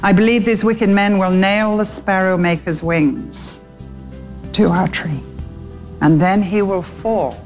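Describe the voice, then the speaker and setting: Cast a woman voicing a sad father sparrow: slow, solemn, low murmur in a storybook. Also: darkish tone, soft background music. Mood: grave. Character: grave, fearful father sparrow.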